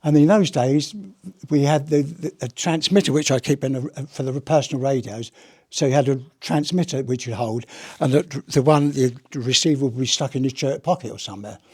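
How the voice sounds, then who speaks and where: Speaking at a moderate pace in a medium-pitched, slightly mellow voice with a breathy edge, an older retired policeman rambles through stories. He's giving a chatty anecdotal talk to a live audience at a heritage gallery, restarting often.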